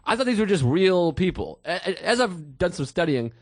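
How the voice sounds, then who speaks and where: A man hosting a podcast, telling a profane comic story in a casual, animated way. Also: high-pitched, moderate pace, no room sound. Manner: profane, animated storyteller who bursts into shouted quotes. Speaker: podcast host.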